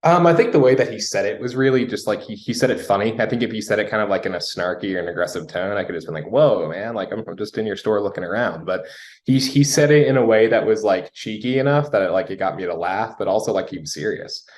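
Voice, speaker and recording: A young man from the United States, a sales guest telling a story in a relaxed, casual interview manner with frequent fillers. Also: fairly low pitch, quick pace.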